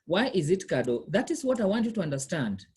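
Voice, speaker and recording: Woman tutor, husky voice, lively rise and fall, patient questioning. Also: lowish voice, fast. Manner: patient, repeats questions to the learner. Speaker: language tutor. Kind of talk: one-on-one lesson.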